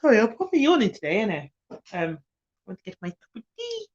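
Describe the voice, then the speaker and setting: A woman's voice: fairly high pitch, fast. A young woman who works as a nanny, chatting casually and animatedly on a live stream. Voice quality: chatty, animated, laughs often. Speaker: nanny and childcare provider. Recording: dull lo-fi live stream audio.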